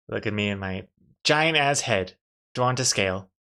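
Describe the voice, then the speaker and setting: A man's voice: lowish voice, animated, slow pace, pushed and bright. A male streamer giving chatty live-stream commentary on a drawing game, reacting with frequent laughs.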